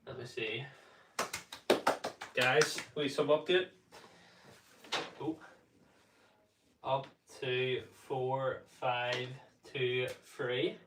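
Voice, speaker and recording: A man's voice: medium pitch, flat delivery, extremely slow, pauses often, background noise. A man with a Northern Irish accent, a bit congested, casually chatting on his livestream and reading out viewer comments with plenty of fillers. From Northern Ireland. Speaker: livestream host.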